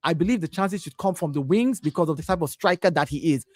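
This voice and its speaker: A man's voice: a little high, quick pace, a little mellow, dry recording. A man arguing his point in a heated football debate, insistent and repeating himself when cut off. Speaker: co-host of a football talk stream.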